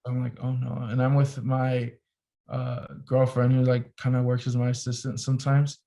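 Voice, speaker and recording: A man's voice: medium pitch, normal speed. A young adult man, a photographer and podcast guest, telling a story casually and animatedly, with lots of "like" as filler. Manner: animated storyteller, heavy use of "like".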